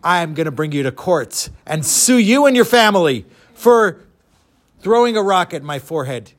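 A man shouting as an outraged adult traveler. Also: sits high, very animated, normal speed. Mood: indignant. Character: indignant male traveler, adult, quick to protest.

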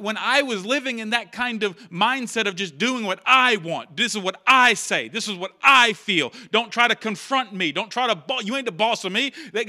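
A man's voice: sits high, pushed and bright. A man preaching a sermon in church, talking conversationally, repeating key phrases and acting out quotes. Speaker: pastor.

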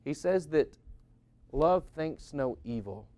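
Male pastor, middle-aged, earnest sermon delivery, slightly high voice, acts out spouses' lines. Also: expressive, slow pace, darkish tone. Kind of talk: sermon on marriage.

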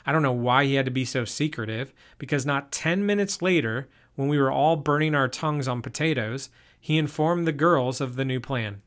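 A man reads a first-person story aloud at an even, steady pace. His voice sits in a middle register and stays plain throughout. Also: mid-range voice, moderate pace.

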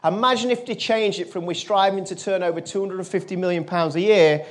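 A man, speaking earnestly to an audience as a motivational speaker and telling a personal story. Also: fairly quick. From England. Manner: earnest, drops his voice low and quiet for quoted lines.

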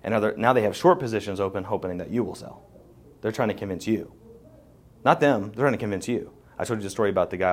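A man hosting a live question-and-answer podcast, talking emphatically with a preacher-like habit of repeating phrases. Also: deep voice. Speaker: podcast host. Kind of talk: live Q&A talk. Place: live event in front of an audience.

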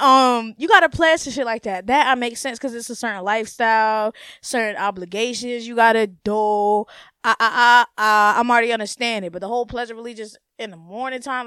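A young woman hosting her own podcast, ranting in a blunt, profane, animated way and laughing often. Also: on the high side, smooth, no echo, studio quality. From United States. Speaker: podcast host. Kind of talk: casual solo podcast rant.

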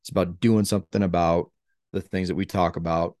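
A man's voice: deep voice, fairly even intonation, a little fast, a little mellow, no echo, clean studio sound. A man co-hosting a podcast, talking earnestly and motivationally in a casual chat, with lots of filler words. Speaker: podcast co-host.

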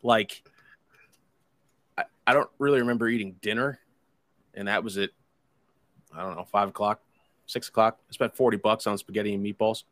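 A man's voice: lowish voice, steady tone, moderate pace, pauses often, a bit bright, dry recording. A man telling a rambling, profane story in casual chat, acting out his friends' lines. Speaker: podcast host telling a story.

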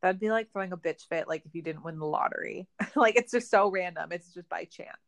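A woman in her twenties, co-hosting a casual recap podcast, chatting in a relaxed, self-deprecating way. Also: fairly low pitch, brisk, gravelly. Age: 20s. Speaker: podcast co-host.

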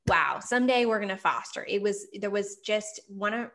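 Brief: woman, 30s, author guest; heartfelt, lively storytelling, acts out what people said. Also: mid-range voice, moderate pace. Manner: earnest, animated storytelling, acts out quotes. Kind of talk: personal story in an interview.

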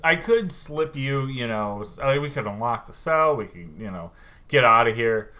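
Man, middle pitch, lively intonation, casual joking banter. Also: normal speed. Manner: lively reactive banter, jokey. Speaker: podcast co-host. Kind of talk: casual chat.

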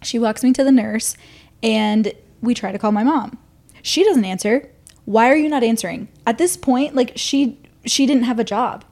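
A woman's voice: a little high, moderate pace, darkish tone. A young woman co-hosting a podcast, telling a school story in casual chat with lots of laughs. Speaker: podcast co-host.

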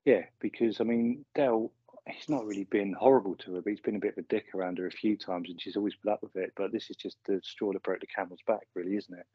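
Male podcast co-host, low-pitched, husky, chatty recapper, dry muffled recording. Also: steady tone, quick pace, no echo. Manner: chatty, chuckles often. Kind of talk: casual chat recapping a sitcom episode. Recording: slightly muffled lo-fi audio.

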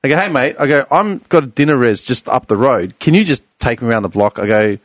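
Animated man telling a story. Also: mid-range voice, fast talker, no room sound. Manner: animated, acts out both sides of dialogue. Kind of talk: casual storytelling chat.

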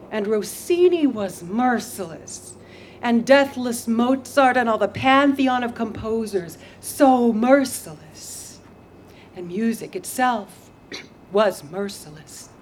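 Slow, intense woman poet reading aloud. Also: a little high, lively intonation, a little hiss or hum. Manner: intense and dramatic, turning wry and self-mocking. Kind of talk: live poetry reading. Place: outdoor backyard venue.

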